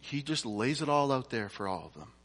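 A man's voice: mid-range voice, big pitch swings, a little fast, a bit bright. A man preaching a sermon, reading scripture aloud and explaining it in a conversational way with casual asides. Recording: long reverb from a large hall.

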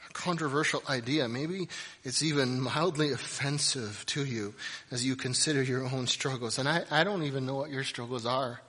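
A male pastor delivering a sermon, swinging between loud, emphatic passages and quiet, reflective ones. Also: medium pitch, slightly rough, in a large hall.

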